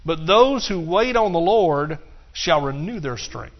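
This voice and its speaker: A man's voice: a little high, lively intonation, unhurried. A middle-aged man preaching a sermon, breaking into song and calling out to his congregation. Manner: bursts into song and laughter, calls out to the congregation. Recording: dull, muffled recording.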